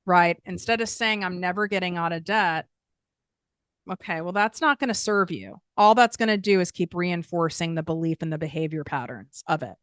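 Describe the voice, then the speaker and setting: A woman's voice: lowish voice, a little fast, few pauses, dry recording, clean studio sound. A woman in her thirties hosting a podcast, talking candidly in a casual monologue and swearing freely as she tells stories. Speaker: podcast host.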